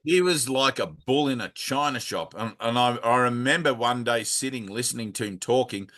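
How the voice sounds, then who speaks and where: This is a man talking casually about spiritual life. His voice is bright and forceful. He is blunt and earthy, tosses in a curse now and then, and drifts from one aside to the next. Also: medium pitch, moderate pace. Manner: blunt and frank, swears freely, rambling with many asides. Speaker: spiritual teacher leading a satsang.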